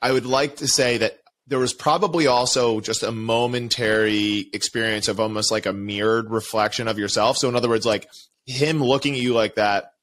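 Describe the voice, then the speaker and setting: A man's voice: medium pitch, steady tone, normal speed, a bit bright. A man hosting a podcast interview, talking in a reflective way with many fillers. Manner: reflective, filler-heavy, "you know". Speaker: podcast host.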